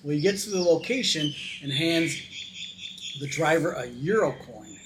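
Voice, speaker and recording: A man's voice: fairly high pitch, animated, moderate pace, background noise. A man talking casually and with opinions in a travel vlog, telling stories and commenting to his viewers. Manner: chatty, opinionated storytelling. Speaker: vlogger. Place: in Thailand.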